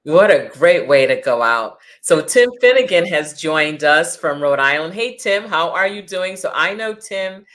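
Older interview host, mid-pitched, reflective. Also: lively intonation, a little slow, few pauses, fairly bright tone. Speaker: host, career counselor. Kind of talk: conversational interview.

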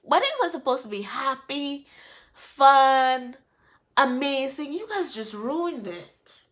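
A woman vlogger recaps a reality TV episode in a casual, scolding rant. Her voice is high and swoops up and down, and she mocks the people on the show as she talks. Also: takes it slowly. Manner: animated, scolding, mocking the cast in put-on voices. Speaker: reality TV reviewer.

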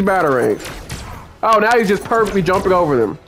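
This young male host delivers profane, furious commentary at the game he's playing. His voice is high and fairly bright, moving briskly with a sing-song lilt over background game music.

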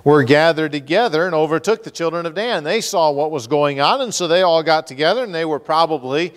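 A male pastor delivers an expository sermon in a church sanctuary. His voice sits a little high, and he acts out the characters with comic exasperation. A long reverb trails each phrase through the hall. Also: animated, fairly quick.

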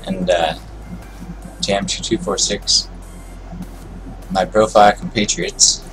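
A man's voice: lowish voice, poor audio. A man streaming a video game, giving casual commentary and taunting opponents as he plays. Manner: taunting, trash-talking opponents. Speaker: gaming streamer. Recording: game music loud behind voice.

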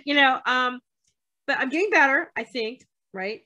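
A woman co-hosting a podcast, chatting casually with halting restarts and frequent laughter. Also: sits high, animated, pushed and bright. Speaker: podcast co-host.

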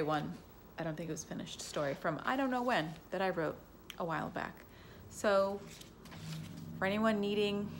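Gravelly woman reading a bedtime story. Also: lowish voice, slight background noise. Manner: gentle, casual asides. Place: home.

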